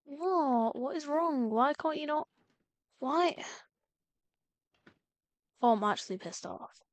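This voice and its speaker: Young woman streamer talking over gameplay, high voice, swings up and down a lot, gets annoyed and swears. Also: expressive, takes it slowly, no room sound. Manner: chatty, exasperated at the game, swears. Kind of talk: live gameplay commentary.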